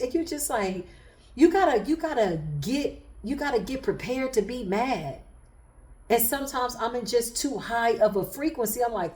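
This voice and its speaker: A woman's voice: on the high side, animated, normal speed, darkish tone. Woman doing a tarot reading, sassy and laughing a lot, talking to viewers, kinda echoey room. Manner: chatty, laughs often, sassy asides to viewers. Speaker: tarot reader. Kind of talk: casual livestream tarot reading.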